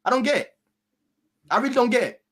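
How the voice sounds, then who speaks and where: A man's voice: extremely high pitch, lively intonation, quick pace, a bit bright. A man on a football fan podcast, ranting passionately and frustrated about his club. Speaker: podcast panelist. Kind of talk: casual fan podcast rant.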